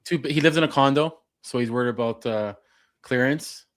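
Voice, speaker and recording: A man chatting on a trade podcast, dropping quick agreeing replies and describing a work van setup. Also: mid-range voice. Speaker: podcast co-host, HVAC technician. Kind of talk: casual chat.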